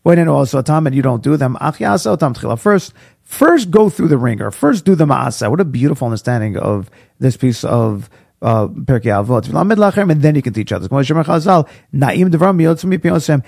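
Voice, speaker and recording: Gravelly-voiced man giving a Torah class. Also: mid-range voice, a little fast, no room sound, studio quality. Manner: chatty, animated storytelling with Hebrew quotes. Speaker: rabbi teaching Pirkei Avos.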